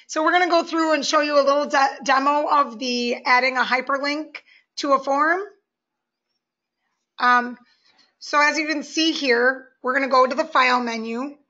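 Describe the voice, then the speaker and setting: A woman presenting a software webinar walkthrough, friendly and explaining step by step. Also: high voice, steady tone, moderate pace, dull audio.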